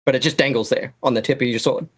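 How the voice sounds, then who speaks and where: A man acting as dungeon master, narrating a tabletop game in a slow, drawn-out descriptive way. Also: medium pitch, steady tone, a bit bright.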